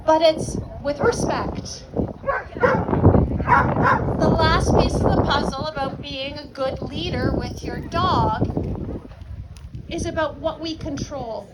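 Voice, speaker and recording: A woman dog trainer giving a talk at a live event, calm and confident, with quick acted-out asides to dogs. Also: sits high. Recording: loud background noise.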